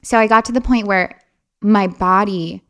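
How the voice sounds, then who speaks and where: A young adult woman talks as a guest on an interview podcast, in a medium-pitched voice. She tells personal stories in a loose, animated way, full of fillers. She often laughs as she talks. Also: normal speed. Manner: animated and chatty, many fillers, laughs while telling stories. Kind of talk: casual storytelling interview.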